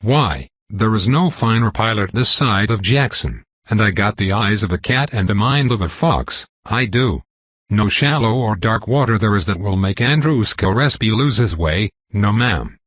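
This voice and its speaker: Grouchy older riverboat pilot with a Southern accent, folksy and rambling, a man reading him, low husky voice. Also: animated, normal speed, fairly bright tone, no echo. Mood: boastful. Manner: rambling, folksy and self-important.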